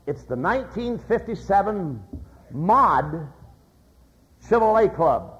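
A man's voice: high voice, very animated, slow, a bit bright. An older man preaching a sermon, telling folksy stories and acting out their voices. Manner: folksy storytelling with voiced anecdotes. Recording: dull lo-fi recording.

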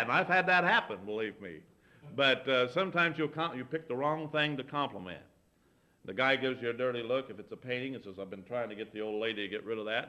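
A man's voice: medium pitch, pushed and bright. A middle-aged man giving folksy, anecdotal advice as a pastor, acting out bits of dialogue as he teaches. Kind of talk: folksy sermon talk.

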